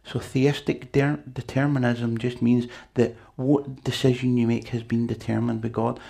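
Gravelly preacher. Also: male voice, mid-range voice, flat delivery, moderate pace, few pauses, warm tone. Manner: conversational, chatty with asides to the congregation. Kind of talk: sermon.

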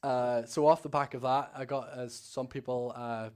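Nervous Northern Irish man, flat-toned testimony. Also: medium pitch, moderate pace. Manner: rambling, many fillers and restarts, acts out quoted talk. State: a bit nervous. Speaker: church member giving testimony. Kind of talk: personal testimony at a church service. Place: church service.

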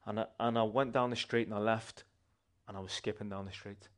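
This man's voice sits on the low side and moves a little fast as he gives a personal testimony to his church. He tells it in an animated, conversational manner, backing up to restart now and then.

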